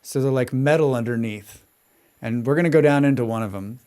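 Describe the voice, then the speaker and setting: A man's voice: medium pitch, brisk, mellow. A young man chatting with viewers during a live gameplay stream, talking casually, swearing freely and rambling into rants.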